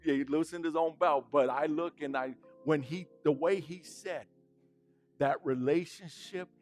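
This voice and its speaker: Animated preacher telling a story. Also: male voice, on the high side, a little slow, faint music behind. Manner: animated, conversational, laughing at his own stories. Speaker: pastor. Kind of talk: sermon storytelling.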